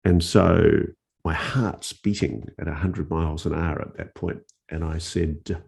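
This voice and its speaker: Man, very low voice, gravelly and husky, journalist, animated storyteller, restarts phrases. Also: a little slow. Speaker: investigative journalist, interview guest. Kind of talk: conversational storytelling.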